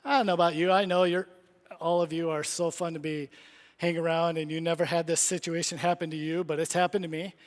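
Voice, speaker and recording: A man's voice: fairly high pitch, little pitch movement, a little fast. A middle-aged man preaching a sermon in a church sanctuary, earnest and pleading, with many rhetorical questions. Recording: long church reverb.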